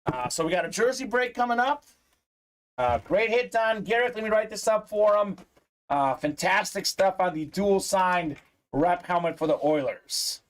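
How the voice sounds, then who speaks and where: A man's voice: high voice, expressive, normal speed. A man hosting a live sports memorabilia break, chatting upbeat with viewers, reading their comments aloud and peppering his talk with "uh".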